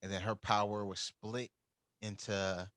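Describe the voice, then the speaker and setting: A man's voice: fairly low pitch, little pitch movement, a little slow, a bit bright, dry recording, rough recording. A man co-hosting a podcast, casually recapping an anime plot and acting out the characters' lines. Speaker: podcast co-host.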